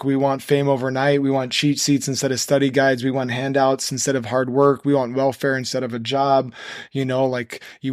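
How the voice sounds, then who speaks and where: Male podcast guest, middle pitch, dead-dry studio sound, earnest sermon-like riffs. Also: no room sound. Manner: earnest, preachy, rapid run-on phrasing. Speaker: guest, nonprofit co-founder. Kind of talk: conversational podcast interview.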